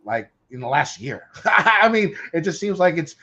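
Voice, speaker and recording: Husky man on a dull remote line. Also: fairly high pitch, very animated, sharp tone. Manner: halting, filler-heavy talk. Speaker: guest co-host. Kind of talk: casual golf betting chat.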